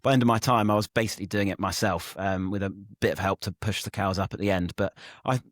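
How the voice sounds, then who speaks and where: A young man from East Kent co-hosting a casual podcast, talking in a relaxed, halting way. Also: low-pitched, no echo, studio quality. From East Kent, England. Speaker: podcast co-host. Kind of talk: casual chat.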